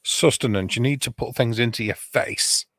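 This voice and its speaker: A man co-hosts a casual live-stream chat, joking in a dry, teasing way. His voice sits at a middle pitch and the recording is close and dry with no room sound. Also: normal speed, fairly bright tone, no room sound. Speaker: co-host of a live survival chat show.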